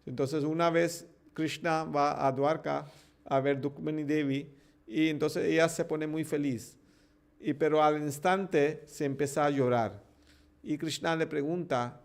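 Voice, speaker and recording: A man teaching a devotional scripture class, stopping to translate himself line by line, with halting restarts. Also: fairly high pitch, steady tone, creaky. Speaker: preacher.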